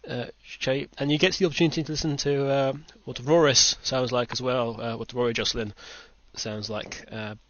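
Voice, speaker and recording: A man's voice: medium pitch, steady tone, brisk, hardly any pauses, a bit bright, no room sound. A British man hosting a podcast in casual chat, rambling with dry self-mocking asides. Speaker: podcast host. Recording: dull lo-fi home recording.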